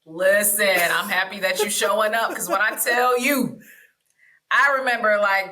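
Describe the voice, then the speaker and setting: A woman, a therapist and educator, in a casual panel discussion, telling stories with quick asides and playful questions to the others. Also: mid-range voice, pushed and bright, poor audio.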